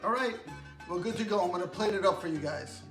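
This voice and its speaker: A man's voice: high voice, fast, gravelly, fairly bright tone. A man cooking and demonstrating a recipe as a chef, chatting upbeat and straight to his viewers. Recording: echoey room with music behind.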